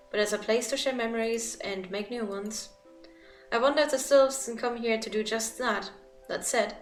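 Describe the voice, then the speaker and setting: A woman voicing a gracious townsperson who gives thanks in a measured tone while reading game dialogue aloud. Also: fairly high pitch, reverberant, far from the mic, natural voice.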